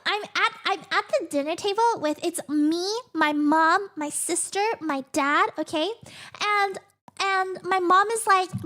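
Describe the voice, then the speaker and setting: A streamer in her twenties with a very high voice tells her chat about a grievance, getting worked up and dramatic as she rambles. She swears casually and keeps circling back to her point. Her tone is bright and sharp. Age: 20s. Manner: dramatic, rambling, exasperated, swears and laughs often. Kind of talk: casual livestream rant to chat.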